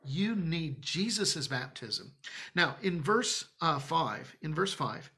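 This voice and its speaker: A man's voice: on the high side, sing-song, slow, bright, forceful tone. A man preaching in a church, teaching from the Bible in a conversational, emphatic way with joking asides. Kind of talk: Bible-study sermon.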